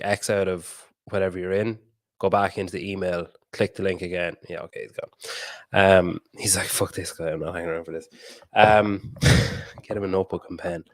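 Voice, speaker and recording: A man's voice: deep voice, no room sound, studio quality. A man hosting a podcast interview over a video call, chatty and laughing often, with casual swearing. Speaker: podcast host.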